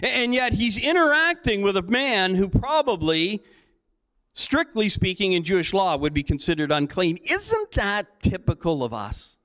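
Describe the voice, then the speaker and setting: Animated pastor preaching. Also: male voice, high voice, normal speed. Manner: storytelling with playful acted-out dialogue and jokes. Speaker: lead pastor. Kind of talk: sermon.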